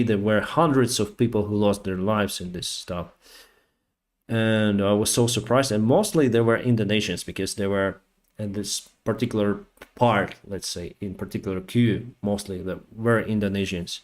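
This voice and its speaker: Low-voiced man telling a casual story. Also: a little mellow. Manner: rambling, with frequent fillers and acted-out quotes. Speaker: live-stream host. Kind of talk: casual live-stream storytelling. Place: home live stream.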